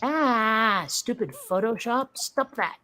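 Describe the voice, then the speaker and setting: A woman in casual chat, talking in a wry, animated way and telling stories. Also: fairly high pitch, slow. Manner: chatty, wry, animated storyteller. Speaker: podcast co-host.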